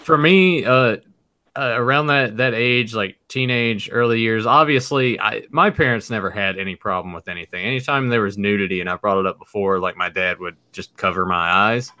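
A man's voice: on the low side, moderate pace, sharp tone, no room sound. A man on a podcast hesitantly recalling movies from his teenage years, with many fillers. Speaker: podcast co-host. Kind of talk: casual chat.

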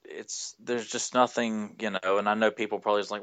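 Low-ish guy chatting, keeps stammering it it it. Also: fairly even intonation, fairly quick, hardly any pauses, a bit bright, clear, resonant tone. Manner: stammering restarts. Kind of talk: casual chat.

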